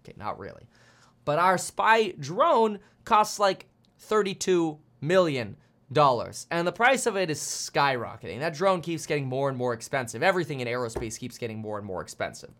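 A man's voice: a little high, sing-song, normal speed, a bit bright. A man in his thirties hosting a casual market commentary stream, chatty and jokey, with frequent fillers. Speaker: host.

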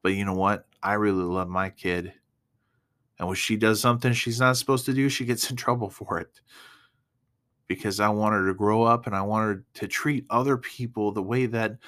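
A man's voice: on the low side, steady tone, normal speed, fairly bright tone. A young man giving a casual, earnest devotional talk to viewers, emotional at times and full of fillers. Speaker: Christian speaker.

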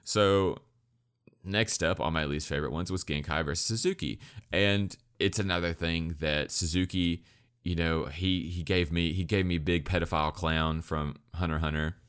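A man's voice: low-pitched, steady tone, normal speed, a bit bright, clean tone. A man giving a rambling, profane spoken review, full of restarts and stutters. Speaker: anime reviewer.

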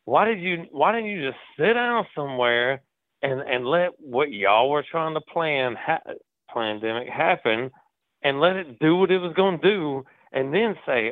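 Male caller, phone line, slangy animated rant, highish voice, dry sound. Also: a little slow, no echo. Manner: animated, slangy, repeats words, acts out quotes. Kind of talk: casual call-in rant.

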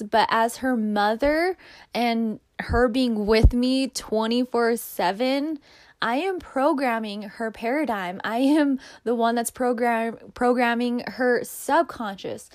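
Candid, slow-talking young woman podcaster. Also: a little high, no echo, studio quality. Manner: candid, swears freely. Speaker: podcast host. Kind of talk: casual personal monologue.

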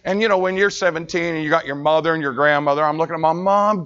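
A middle-aged American man preaching, telling a personal story with animated, acted-out voices and frequent laughter. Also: a little high, fast talker. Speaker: pastor. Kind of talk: storytelling sermon. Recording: dull lo-fi recording.

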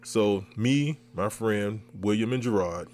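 A man hosting a podcast, telling a comic story with lively re-enactments of his own reactions. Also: fairly low pitch, slow pace, slight background noise. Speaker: podcast host. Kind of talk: comedic storytelling.

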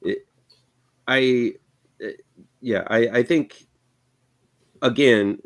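A man co-hosting a casual movie review podcast, talking in halting bursts with many restarts. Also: mid-range voice. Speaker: podcast co-host.

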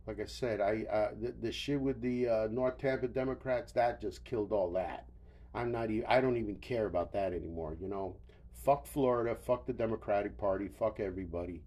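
A man's voice: on the low side, a little fast, dark tone. An older man hosting a solo podcast, rambling wearily with profanity and stammered restarts, tired and yawning. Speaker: podcast host.

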